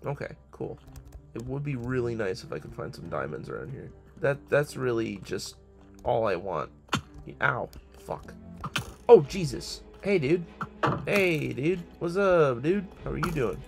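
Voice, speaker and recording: A man's voice: mid-range voice, sing-song, normal speed, gravelly, music in the background. A young man giving casual, profane, joking commentary on his own game, talking to himself as he plays. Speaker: gamer.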